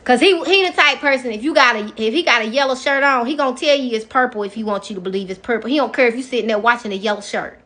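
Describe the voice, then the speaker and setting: Woman, higher-pitched voice, young adult, casual storytime vlog, animated emotional retelling, talks to the viewers. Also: fast talker, few pauses. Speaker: vlogger telling a personal story.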